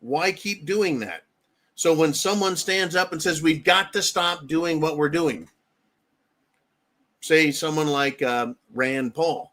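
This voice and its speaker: An American man hosts a live talk stream, with a voice pitched a little above the usual male range. He talks bluntly, swears freely and keeps checking in with "right?". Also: takes it slowly, pushed and bright. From United States. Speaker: livestream host. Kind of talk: casual political commentary.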